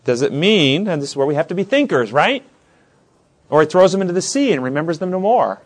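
A man leads a Bible study class with a fairly high voice. His pitch rises and falls all the time. He quizzes the group and acts out the stories he describes. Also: a little fast. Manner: questioning, animated, acts out scenes.

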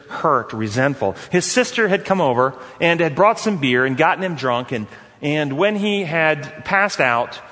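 Man, course teacher, earnest, repetitive, fairly high voice, long hall reverb. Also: a bit bright. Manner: earnest, repetitive, asks the audience questions. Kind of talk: teaching talk with stories.

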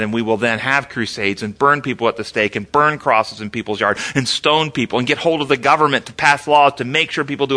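A man teaching an interactive Bible study, asking the class questions and answering them himself. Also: mid-range voice. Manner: animated, asks the class questions.

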